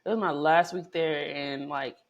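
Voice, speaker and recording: Speaking to camera at a normal speed, a woman vlogger tells a personal story in a lively, chatty way, swearing a lot and swinging widely in pitch and volume. The audio sounds dull.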